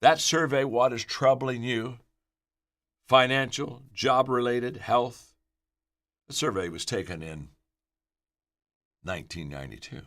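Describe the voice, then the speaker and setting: An older man giving a motivational leadership talk, telling stories in an animated way and often repeating words as he speeds up. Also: mid-range voice, unhurried, long pauses. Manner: animated storyteller, repeats words and restarts when excited. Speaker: leadership speaker.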